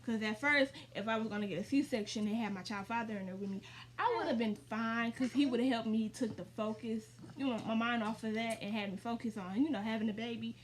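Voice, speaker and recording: Young woman in her 20s rambling through a storytime, kinda high voice, says y'all a lot, faint hum behind. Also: a little fast. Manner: rambling, lots of fillers, addresses viewers as y'all. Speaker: vlogger. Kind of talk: casual storytime.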